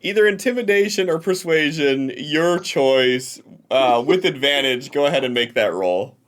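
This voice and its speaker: A man narrating a tabletop game as game master, relaxed with many fillers. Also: fairly high pitch, moderate pace.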